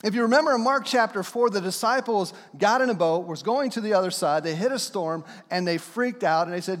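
A man's voice: high-pitched, brisk, few pauses. Man preaching in a reverberant church hall. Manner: animated and conversational, acting out voices of the people he describes. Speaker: pastor. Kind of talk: sermon. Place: church sanctuary.

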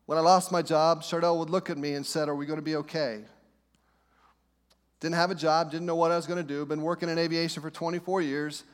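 A middle-aged pastor preaching with a fairly high voice. He leans on dramatic pauses and repeats his reassurances again and again. His words ring out with a long reverb, as in a church sanctuary. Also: flat delivery. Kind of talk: sermon.

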